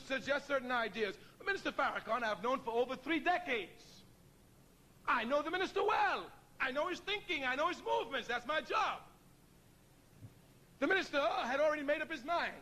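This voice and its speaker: A middle-aged man speaks to a live audience in a very high, ringing voice. He tells stories with emphatic, preacherly weight, and his tone stays bright and forward. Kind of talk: public speech with storytelling.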